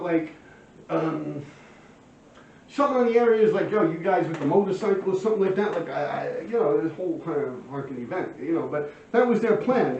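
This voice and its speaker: Profane street storyteller, a man, lively high voice, roomy distant home recording. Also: a little hiss or hum. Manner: animated, profane, heavy slang and fillers. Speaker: storyteller of his own past crimes. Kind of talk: casual street storytelling to camera. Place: at home by a window. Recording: roomy, distant, dull sound.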